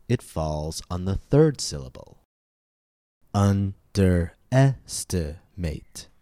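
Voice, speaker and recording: A man presents a scripted English pronunciation podcast in a very low, mellow voice. He speaks slowly and deliberately, enunciating every syllable. The recording is dry and close, with no room sound. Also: no room sound.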